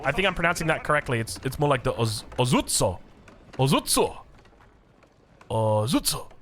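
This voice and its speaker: An Australian man giving energetic, jokey commentary on a strategy game match. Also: a little high, rapid-fire, slight background noise. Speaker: game caster. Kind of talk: excited esports commentary.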